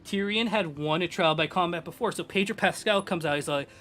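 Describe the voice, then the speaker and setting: A young man, a game streamer, rambling in excitable, profane casual chat at his home gaming setup on a desk microphone. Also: high-pitched, fairly quick.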